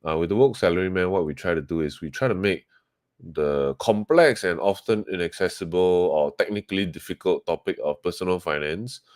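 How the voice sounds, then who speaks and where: A man's voice: very deep voice, dry recording, clean studio sound. A man with a Singaporean English accent, a guest on a podcast, talking casually and rambling with many fillers and restarts. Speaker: podcast guest, webcomic co-founder. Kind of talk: casual interview talk.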